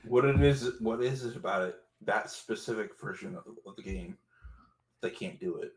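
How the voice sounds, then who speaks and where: Low-voiced male co-host in a roomy echo. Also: moderate pace. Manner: animated complaining. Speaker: podcast co-host. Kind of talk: casual livestream chat.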